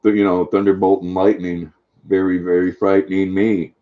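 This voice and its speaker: A man's voice: low voice, flat delivery, moderate pace, narrow, tinny audio. Older man cooing fondly at his dog. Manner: affectionate, chatty, fond baby talk to his dog. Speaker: live-stream host. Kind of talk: casual live-stream chat.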